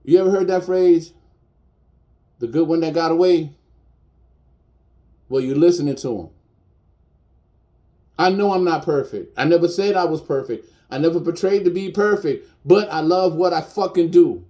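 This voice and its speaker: A man's voice: on the high side, normal speed, pauses often, dark tone. A man in his fifties, a chef, speaking bluntly and defiantly in a personal video rant, repeating his points for emphasis. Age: 50s.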